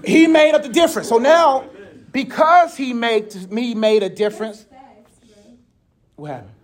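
High-voiced man giving a joking sermon. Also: sing-song, moderate pace. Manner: joking, colloquial, self-interrupting. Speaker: preacher and mentor. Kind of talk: casual sermon with numbered points.

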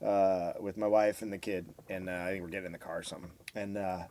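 A man's voice: low voice, flat delivery, fast, a little mellow, dry recording. A middle-aged man co-hosting a podcast, swearing freely and trading crude jokes in casual banter. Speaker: podcast co-host.

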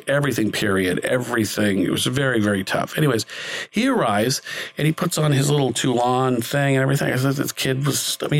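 Gravelly-voiced man telling a rambling story. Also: mid-range voice, low-quality recording. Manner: rambling, with many fillers and self-corrections. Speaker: film director guest. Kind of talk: conversational storytelling.

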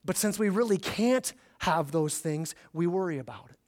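High-voiced man preaching a sermon. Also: lively intonation, moderate pace, darkish tone. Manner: conversational, repeats words when emphasizing. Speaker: pastor.

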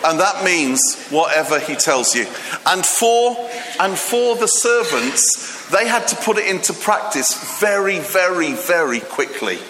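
A man's voice: high voice, big pitch swings, measured pace, few pauses, sharp tone, a little hiss or hum. A man preaching a humorous, chatty sermon, joking with the congregation and using many fillers. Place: church hall. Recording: echoey hall with long reverb.

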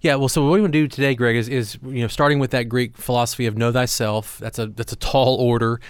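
A man's voice: mid-range voice, steady tone, quick pace, clean tone, dry recording, studio quality. A man co-hosting a leadership podcast, talking in a thoughtful, earnest way with frequent fillers and restarts. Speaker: podcast co-host.

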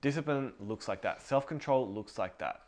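A man's voice: medium pitch, lively intonation, normal speed. Rambling casual man telling faith stories. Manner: rambling, self-correcting, storytelling. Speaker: podcast co-host.

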